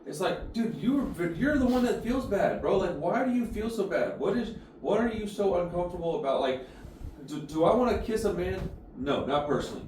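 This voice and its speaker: A man's voice: high-pitched, lively intonation, a little fast, a little mellow. A man hosting a casual chat, laid-back and slangy. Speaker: podcast host. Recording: echoey room, far from mic, faint noise.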